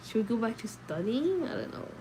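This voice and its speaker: A woman's voice: a little high, very animated, fairly quick, warm tone, slight background noise, rough recording. A woman reading a novel aloud at night and chatting casually between passages, sleepy and chatty. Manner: sleepy, chatty, answers chat comments. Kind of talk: late-night read-aloud and casual chat.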